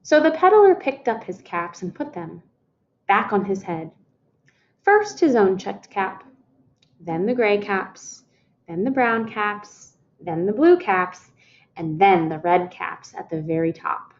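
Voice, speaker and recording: A woman reading a storybook aloud to young children, lively and expressive. She speaks in a mid-pitched voice and pauses to ask her listeners questions. The recording is slightly dull and lo-fi. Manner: expressive, talks to listeners as "friends" and asks them questions. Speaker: storytime reader.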